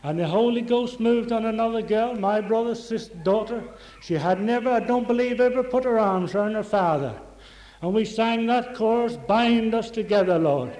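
An older woman gives a spontaneous church testimony in a high voice, fervent and rambling, circling back to the same phrases. The sound rings around an echoey room. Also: normal speed, warm tone. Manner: fervent, rambling, repeats phrases, breaks into praise.

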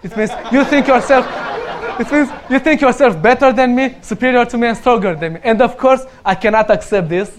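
A young man from Romania tells casual stories in English, his second language, with a Romanian accent. His voice sits high for a man, and he breaks into laughter often as he talks. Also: brisk. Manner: laughs often while telling anecdotes. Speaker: speaker sharing stories. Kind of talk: casual storytelling.

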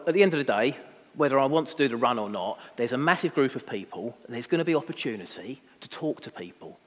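A young adult man, preaching a sermon in a chatty, self-deprecating storytelling manner with many fillers. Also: mid-range voice. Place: church hall. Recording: long hall reverb.

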